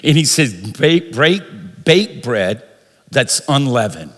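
A man preaching a sermon as pastor, leading the congregation in call-and-response and rising into shouts. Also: medium pitch, big pitch swings, slow. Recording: long reverb of a large hall.

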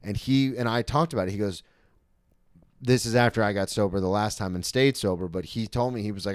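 Earnest lower-voiced man host. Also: fairly quick, clean tone, no room sound, studio quality. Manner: earnest and reflective, sometimes emotional. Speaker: podcast host. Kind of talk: candid podcast conversation.

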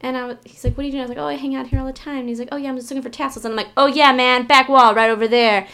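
A woman's voice: high-pitched, flat delivery, rapid-fire, vocal fry. Chatty woman full of "like"s. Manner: rambling, heavy use of "like". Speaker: podcast co-host. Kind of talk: casual chat.

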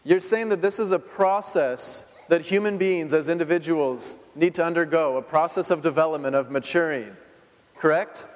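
High-voiced preacher in a reverberant hall. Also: male voice, moderate pace. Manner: conversational, asks the congregation questions, laughs often. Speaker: pastor. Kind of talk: interactive sermon. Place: church sanctuary.

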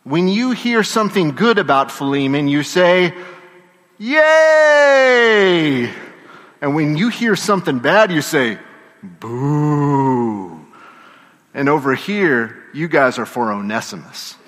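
A man's voice: a little high, animated, moderate pace, hardly any pauses, a bit bright. A man preaching a sermon, telling the story with energy and getting the congregation to call out responses. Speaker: pastor. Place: church. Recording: long reverb of a church hall.

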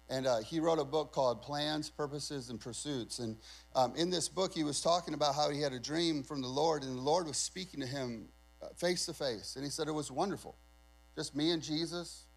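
A man with a fairly high voice preaches a sermon in a relaxed, conversational way. He stresses his key points and keeps throwing questions out to the congregation. A faint mains hum runs under the recording. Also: poor audio. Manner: conversational, emphatic, asks the crowd questions. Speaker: pastor.

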